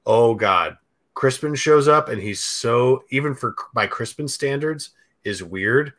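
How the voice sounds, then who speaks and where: A man guesting on a movie podcast, talking in an enthusiastic, excitable way about horror shows. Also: mid-range voice, unhurried. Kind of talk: casual chat.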